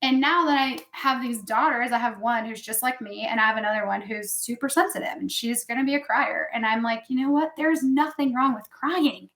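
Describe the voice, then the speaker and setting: A woman's voice: on the high side, brisk, hardly any pauses, fairly bright tone. A woman in her thirties, a podcast guest telling candid personal stories in casual chat, often saying "like". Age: 30s. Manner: candid storytelling, heavy use of "like". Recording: echoey room.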